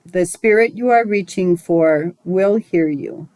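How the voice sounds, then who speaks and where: A woman giving a recorded spiritual lesson as its teacher, talking in a measured, musing way with small digressions. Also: lowish voice, darkish tone, dry recording, low-quality recording.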